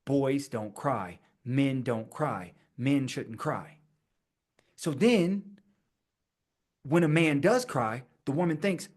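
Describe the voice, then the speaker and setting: Man hosting a slow, emphatic podcast monologue. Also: medium pitch, animated. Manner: rhetorical, slow emphatic repeated phrases. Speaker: podcast host. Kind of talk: scripted-sounding solo podcast monologue.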